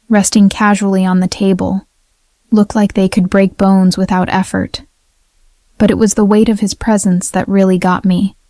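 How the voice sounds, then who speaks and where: A woman narrating a dramatic first-person story in a steady, even way. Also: medium pitch, no echo, clean studio sound.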